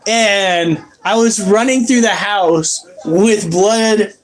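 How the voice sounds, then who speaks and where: A woman's voice: medium pitch, slow pace, slight background noise. A woman hosting a pet video, telling crude, laughing stories in casual chat. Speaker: pet channel host.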